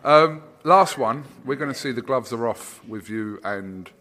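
Man, interviewer, teasing, chatty, bright tone. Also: medium pitch, animated, unhurried, a little hiss or hum. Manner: jokey, teasing, filler-heavy. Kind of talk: casual interview.

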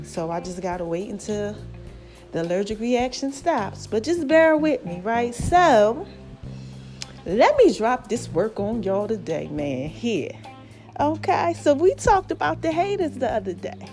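Breathy woman, warm and low. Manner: folksy, affectionate, calls listeners baby and y'all. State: slightly out of breath, swollen throat. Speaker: podcast host. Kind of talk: casual motivational chat.

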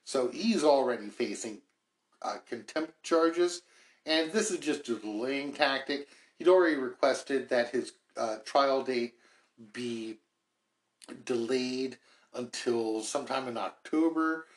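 A man's voice: mid-range voice, takes it slowly. A man hosting a podcast, giving casual political commentary in a chatty, wry way, thinking aloud as he goes. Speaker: podcast host. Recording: roomy echo.

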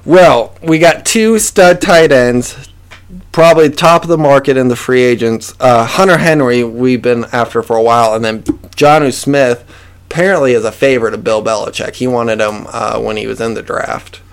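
A man's voice: mid-range voice, moderate pace, clear, resonant tone. Man hosting a casual sports chat. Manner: runs through lists, teasing. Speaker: podcast host.

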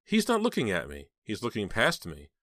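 A man's voice: on the low side, huge pitch swings, normal speed, a bit bright, no room sound, voice pushed up. A man reading an audiobook and voicing a bitter, resentful teenage girl who speaks in a cold, scornful way.

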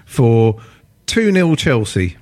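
A man hosting a football podcast, relaxed and teasing as he steers the chat. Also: mid-range voice, slow. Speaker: podcast host.

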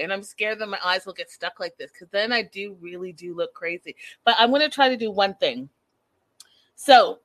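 A woman's voice: mid-range voice, moderate pace, no echo. A woman recapping reality TV in a casual, gossipy chat, talking straight to her viewers and laughing often.

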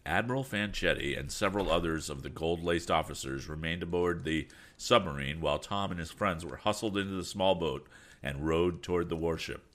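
A man's voice: low-pitched, brisk, a bit bright. A man reading an old adventure novel aloud, with casual asides and occasional slips. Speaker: audiobook reader.

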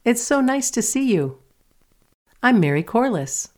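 A woman's voice: a little high, very animated, a little slow, a little mellow, pitched above the performer's own voice. A woman reading aloud, voicing a polite, hospitable young girl in a storybook. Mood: welcoming. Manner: earnest and hospitable. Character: warm well-mannered young girl.

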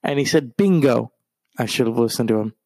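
A man's voice: mid-range voice, brisk, darkish tone, dry recording. A man hosting a podcast, rambling casually through anecdotes in a loose storytelling way. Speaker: podcast host. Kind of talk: casual monologue.

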